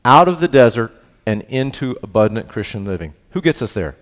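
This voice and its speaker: A male pastor teaching scripture to his congregation in a loose, conversational way. He peppers his points with quick check-ins and shifts between low, earnest stretches and lively bursts. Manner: questioning, checks in with "right?"; swings between hushed and animated. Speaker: pastor teaching a Bible study. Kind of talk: conversational sermon.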